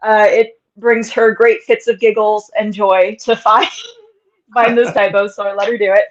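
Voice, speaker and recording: Woman, author guest, candid and chatty, frequent laughs, medium pitch, dull lo-fi audio. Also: level tone, a little slow. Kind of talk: casual interview chat. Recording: dull lo-fi sound.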